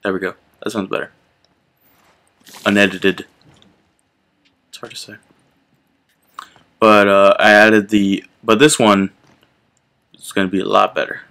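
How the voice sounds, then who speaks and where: A young man hosting his gaming channel, chatting casually and reacting out loud to the game as he plays. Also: lowish voice, level tone, moderate pace, creaky, pauses often. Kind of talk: casual gameplay commentary.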